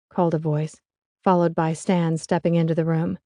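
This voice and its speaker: A woman's voice: low-pitched, flat delivery, moderate pace, mellow, no room sound, studio quality. A woman narrating a first-person romance audiobook in a wry, confiding way.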